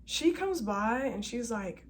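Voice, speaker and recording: A woman flight attendant telling a story in a casual vlog, animated and chatty with plenty of slang. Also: fairly high pitch, takes it slowly, very noisy.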